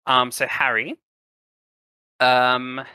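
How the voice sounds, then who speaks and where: A man's voice: medium pitch, level tone, extremely slow, bright, forceful tone, clean tone, dry recording. A man acting as game master, narrating a tabletop game in a loose, partly improvised way. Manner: loose, hesitant, with fillers when improvising.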